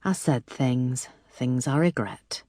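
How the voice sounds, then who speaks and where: A woman voicing an older Yorkshire father, kind and a bit gruff, speaking gently and consolingly in an audiobook. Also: a bass voice, slow pace, no room sound, studio quality, voice pushed down, full character voice. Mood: gentle.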